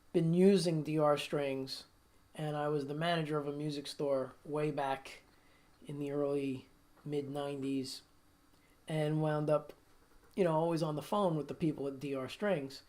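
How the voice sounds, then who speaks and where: A middle-aged man hosting a guitar livestream, chatting casually and telling stories with frequent laughter. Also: on the high side. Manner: chatty storyteller, laughs often.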